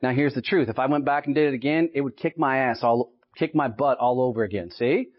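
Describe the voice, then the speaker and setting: A man's voice: medium pitch, brisk. A man in his late thirties with a Texan accent, giving a motivational sales talk to a live audience in punchy stories and often asking "right?". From Texas. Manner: punchy storytelling, keeps checking in with "right?". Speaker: sales speaker. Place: association meeting in front of an audience. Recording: dull lo-fi live speech recording.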